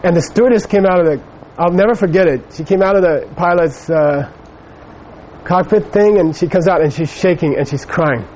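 A man's voice: sits high, moderate pace, darkish tone, slight background noise, rough recording. A middle-aged man giving a Buddhist teaching, telling a personal story in a rambling way with many fillers. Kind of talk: dharma talk with personal anecdote.

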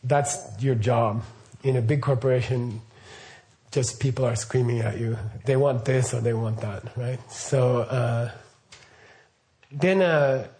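This middle-aged man has a mellow, medium-pitched voice and speaks slowly. He's a Buddhist teacher giving an informal, wandering talk, often checking in with the audience through questions and lots of "okay" and "right."

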